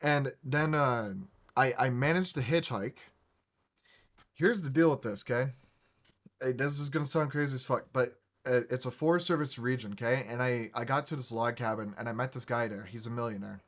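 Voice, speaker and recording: A man hosting a gaming podcast, spinning a long casual story at a middle pitch. He swears freely and stumbles into restarts as he goes. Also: fairly bright tone. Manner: rambling, profane, halting restarts. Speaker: podcast host.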